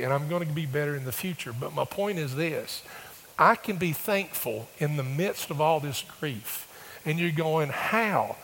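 A male pastor with a somewhat high, gravelly voice. He preaches in a storytelling way, building to emphatic bursts. The sound has a long reverb from a large church hall. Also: a bit bright, a little hiss or hum. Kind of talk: sermon.

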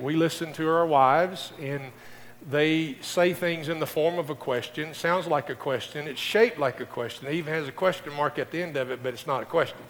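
A man's voice: a little high, slight background noise. A middle-aged male pastor preaching a folksy sermon, speaking directly to his congregation. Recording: distant voice in a reverberant hall.

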